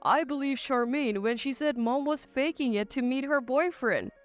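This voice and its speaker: A woman's voice: sits high, moderate pace, faint music behind, close to an everyday voice. A woman voicing a stammering, guilt-stricken retired father in a storybook drama. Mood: remorseful. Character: remorseful retired father, older man.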